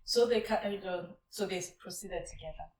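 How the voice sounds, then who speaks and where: Female teacher, story-led lesson, lively retelling with acted-out outbursts; sits back from the mic in an echoey room. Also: mid-range voice, normal speed, crowd noise. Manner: animated retelling, acting out exclamations. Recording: roomy and distant from the mic.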